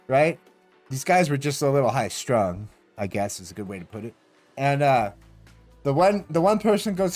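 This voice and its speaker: A man's voice: medium pitch, fairly quick, soft background music. A man streaming a game, telling a rambling story casually, swearing often and laughing as he goes. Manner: profane, rambling, animated retelling with laughs.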